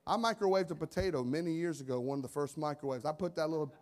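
A male pastor preaching a sermon, swinging from soft asides to loud emphatic lines and repeating phrases for effect. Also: on the high side, quick pace. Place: church sanctuary.

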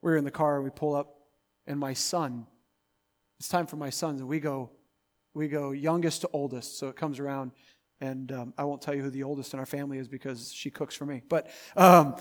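A male pastor preaching a sermon, swinging from loud, emphatic build-ups to quiet, intimate asides. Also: medium pitch, fairly even intonation, fairly quick.

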